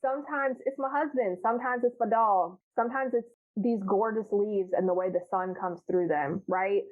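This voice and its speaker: A woman's voice: medium pitch, moderate pace. A woman chatting candidly as a podcast guest, frank and profane, laughing often and acting out her past self. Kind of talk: candid casual chat. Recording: tinny phone-like line.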